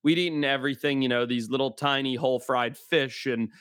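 A man, a guest adventurer, telling a story in an animated way and acting out the people in it. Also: medium pitch, fairly quick, no room sound, studio quality. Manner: animated, acts out the people in his stories. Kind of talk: casual storytelling.

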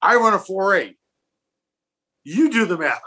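A man, a former professional football punter, telling animated stories in casual conversation and acting out the quotes. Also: high-pitched, a little slow. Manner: animated, acts out quotes and laughs. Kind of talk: casual storytelling.

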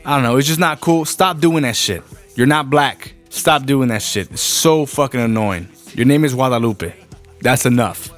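Young man, blunt profane rant, casual monologue, soft music in background. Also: medium pitch, moderate pace. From Rio Grande Valley, Texas. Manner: blunt, profane, animated storytelling.

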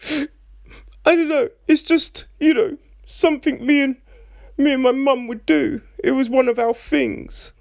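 A man mimicking a sweet, naive young woman who speaks softly in an affected, breathy sing-song. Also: very high voice, unhurried, voice pushed up, exaggerated voice. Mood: teary.

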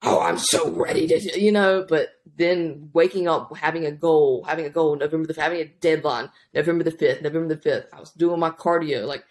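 A woman's voice: low-pitched, brisk, few pauses. A woman in her thirties, a powerlifting coach, telling her story casually in an interview with lots of restarts and asides. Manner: rambling, animated, many restarts. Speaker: podcast guest, powerlifting coach.

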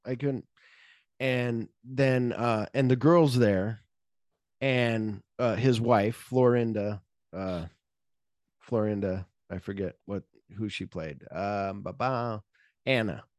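A man's voice: on the low side, slow pace, a little mellow, dry recording, clean studio sound. A man co-hosting a podcast, retelling a film's plot in casual chat and acting out the characters' lines, swearing freely. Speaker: podcast co-host.

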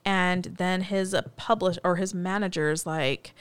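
Smooth-voiced woman chatting casually. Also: medium pitch, normal speed, hardly any pauses, dry recording. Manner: chatty, animated retelling with quoted lines. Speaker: podcast co-host. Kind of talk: casual chat recapping a TV movie.

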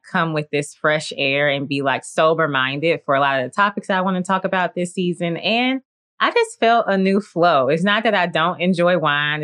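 In her late twenties, this woman hosts a solo faith-based podcast, speaking earnestly, encouragingly and reflectively with plenty of "like" and "you know." Her voice is low-pitched, slightly bright and clean.

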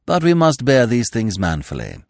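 A man reading a story voices a suave, verbose young gentleman with a florid, ironic manner. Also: medium pitch, wildly swooping pitch, moderate pace, gravelly, no echo, clean studio sound, pitched above the performer's own voice. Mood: urbane.

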